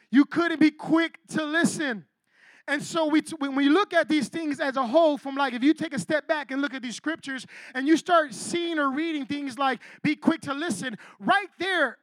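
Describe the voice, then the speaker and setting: High-voiced man preaching casually. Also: fairly bright tone, no echo. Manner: conversational, keeps asking "right?" and teases the congregation. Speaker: pastor. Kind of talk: casual sermon.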